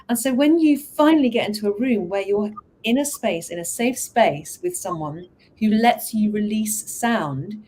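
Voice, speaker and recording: An enthusiastic woman coach talks through her ideas in a relaxed, conversational way, slipping into bright, lively voices when she quotes others. Her voice sits in a middling pitch, and a faint hiss of noise runs underneath. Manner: enthusiastic, expressive, animated quoting. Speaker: hypnotherapist and vocal coach. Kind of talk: casual conversational explanation.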